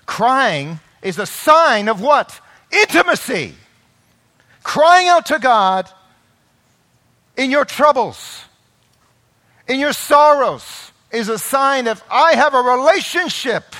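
Male pastor, sermon delivery, high and very animated voice, quiet asides that build into passionate shouts. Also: slow pace, long pauses. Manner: swings from quiet explaining to loud impassioned crying out; acts out quoted voices of children and parents.

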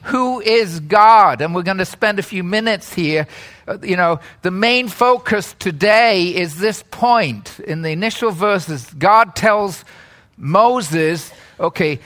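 Lively, bright-voiced male preacher. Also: sits high. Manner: animated, jokey, calls out words loudly. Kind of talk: sermon.

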